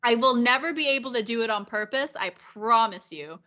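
Upbeat young woman asking questions, bright voice, laughs a lot, lo-fi. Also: a little high, fairly quick. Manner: lively, laughs a lot, enthusiastic. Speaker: interviewer. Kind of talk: casual chat.

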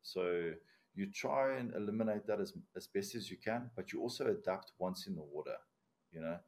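On a relaxed podcast, the diver lays out procedures one step at a time, bluntly and with casual swearing, in a non-native English accent. His voice is fairly low and a little mellow, at a normal speed.

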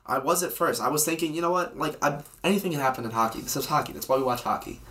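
A young man co-hosting a podcast, chatting about hockey in a teasing, sarcastic, rapid-fire way. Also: fairly high pitch, sharp tone. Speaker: podcast co-host. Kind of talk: casual sports banter.

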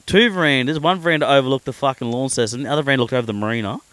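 A man's voice: mid-range voice, very fast, dry recording. An Australian man, a podcast guest, telling a story in casual, heavily sweary talk. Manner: swears constantly, animated storyteller. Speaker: podcast guest, pro angler.

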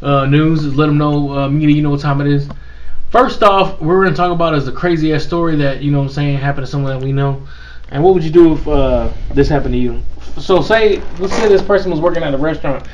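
A man's voice: fairly high pitch, quick pace, highs cut off. A man hosting a casual chat and telling a story in a loose, laughing way, acting out the people in it. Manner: loose, laughing retelling with playacted quotes. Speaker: host. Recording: faint noise, set back from the mic.

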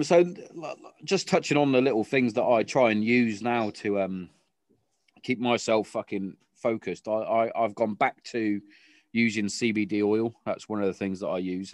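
British male podcast host, lower register, loose and sweary, lots of restarts, dead dry recording. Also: darkish tone, dry recording. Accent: British English. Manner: sweary, rambling, frequent restarts. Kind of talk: casual podcast chat.

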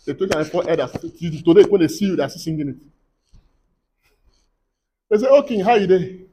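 Male preacher, high voice, fervent sermon delivery, builds to loud declarations. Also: animated, normal speed, husky. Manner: fervent, swings from quiet teaching to loud declarations.

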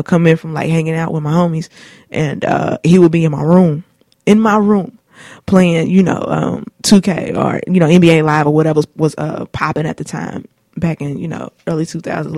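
A woman in her late twenties talks through personal memories on her own show, loose and slangy, full of fillers. Her voice is dark and mellow with a gravelly edge. The sound is close and dry. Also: sits low, steady tone, fairly quick, dry recording. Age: late 20s. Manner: laid-back, rambling, slangy, many fillers. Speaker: show host. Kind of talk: casual personal storytelling. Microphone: studio mic.

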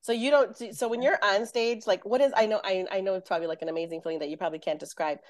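A woman's voice: medium pitch, fairly even intonation, very fast. Rambling casual woman interviewer. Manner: rambling, hesitant questions full of fillers.

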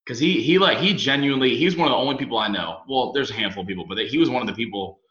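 A young man hosting a podcast, chatting casually and telling animated stories with lots of fillers. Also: mid-range voice, rapid-fire. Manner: animated storyteller, mimics voices, many fillers. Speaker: podcast host. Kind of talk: casual chat. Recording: echoey room, dull lo-fi sound.

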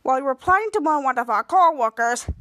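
A woman hosting a podcast, casually retelling a TV episode in a lively way and acting out the characters' lines as she goes. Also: sits high, fast, no room sound, clean studio sound. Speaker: podcast host.

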